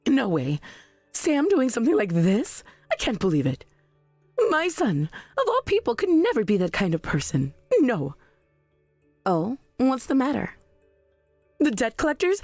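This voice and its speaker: Woman as an outraged mother, defensive, lively pitch, dry close voice. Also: unhurried, long pauses, dry recording, soft background music, exaggerated voice. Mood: indignant. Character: indignant middle-aged mother, proud and self-righteous. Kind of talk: text-message story voice reading.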